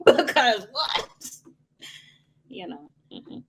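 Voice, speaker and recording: A woman guest on a podcast, chatting casually in an animated way and laughing often. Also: sits high. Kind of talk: casual chat reviewing a reality show.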